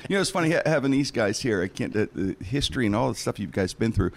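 A man's voice: fairly low pitch, expressive, quick pace, creaky. A man hosting a podcast, chatting casually and joking with his guests. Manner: rambling, joking, restarts his sentences. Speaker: podcast host. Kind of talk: casual chat.

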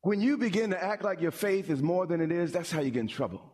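A male pastor delivering a sermon in an animated way, repeating words when he presses a point. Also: sits high, fast, husky.

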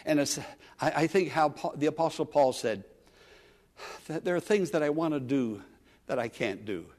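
A male pastor preaching with fervor, his voice sitting fairly high for a man. He repeats key phrases, pressing hard on some lines and dropping to soft asides on others. His words ring out with the long reverb of a church sanctuary. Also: animated, normal speed. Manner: earnest preaching, repeats phrases, swings between loud emphasis and soft asides. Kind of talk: sermon.

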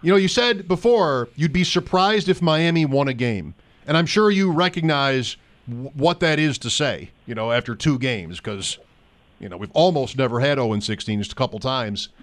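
A man hosting sports radio talk, conversational and joking with quick asides to his guest. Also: medium pitch, expressive.

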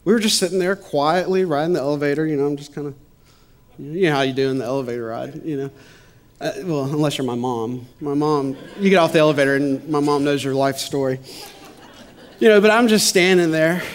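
A man's voice: fairly high pitch, a little fast. A man casually telling a personal testimony, chatty and laughing often, shifting into preacher-like repetition on points of faith. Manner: chatty storytelling with frequent laughs and "you know".

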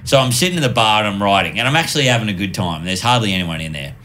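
A man's voice: lowish voice, racing, a little hiss or hum. A man telling casual stories on a podcast, laughing often and acting out the people he quotes. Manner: animated, laughs often, acts out quoted voices. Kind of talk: casual storytelling chat.

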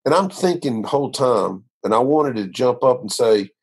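Husky male minister, earnest rambling storyteller, conversational interview. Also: mid-range voice, lively intonation, moderate pace. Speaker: minister sharing his testimony.

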